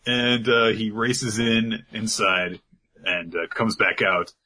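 A man casually recapping an anime episode on a podcast, animated and laughing as he goes. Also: fairly low pitch, takes it slowly, breathy edge. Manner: animated, laughing, slips into character voices. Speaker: podcast co-host.

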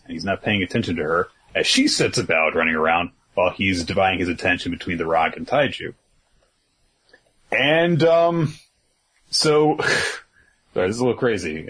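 A man in a casual talk, retelling a story with animated energy and acting out lines. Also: deep voice, husky. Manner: animated storytelling, acts out quotes, swears casually. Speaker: podcast co-host recapping a manga chapter.

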